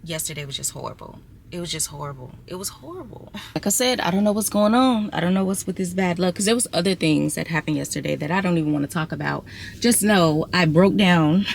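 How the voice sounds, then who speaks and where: A woman's voice: fairly low pitch, creaky, a little hiss or hum. A young adult woman vlogging casually to her viewers, chatty and exasperated as she talks to them as y'all. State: six months pregnant. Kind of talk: casual storytelling vlog.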